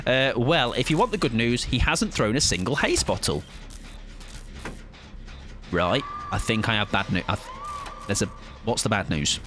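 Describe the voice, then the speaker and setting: A man's voice: medium pitch, lively intonation, moderate pace, long pauses. A man streaming a game, chatting casually to his viewers, rambling and joking with casual swearing. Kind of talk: casual live-stream chat during gameplay.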